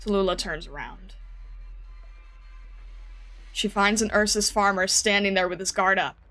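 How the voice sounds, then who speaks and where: Woman calmly reading game narration. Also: medium pitch, unhurried, soft background music. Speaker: streamer reading a game story. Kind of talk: story narration.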